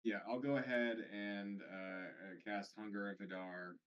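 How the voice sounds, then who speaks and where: A man playing a tabletop game, talking quickly and apologetically about his turn. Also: fairly low pitch, fairly even intonation, clean tone, dull audio. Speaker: player.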